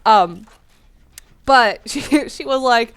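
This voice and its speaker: A woman's voice: a little high, slow pace, a bit bright, clean tone. A woman telling a childhood story in a rambling, casual way while playing a game, with many fillers. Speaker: gaming channel host.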